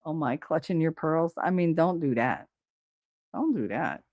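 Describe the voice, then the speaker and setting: A woman's voice: low-pitched, animated, unhurried, darkish tone, no echo, highs cut off. A middle-aged woman hosting a live stream, chatting casually and bluntly, swearing freely while she reads viewers' comments.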